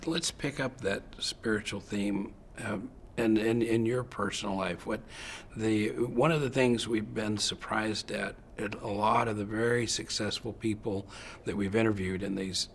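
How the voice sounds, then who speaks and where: Man, interviewer, low voice, friendly halting questions, light background hiss. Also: steady tone, vocal fry. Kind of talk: interview conversation.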